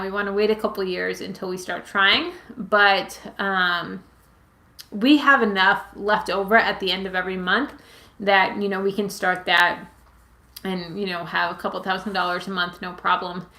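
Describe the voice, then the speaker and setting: Answering her viewers' questions live from home, a channel host in her late twenties from Massachusetts rambles along, filling gaps with "like" and "um" while her pets stay close by. Her mid-range voice is pushed and bright, with fairly even intonation at a normal speed. It's captured over a webcam or phone stream in a room with noticeable echo.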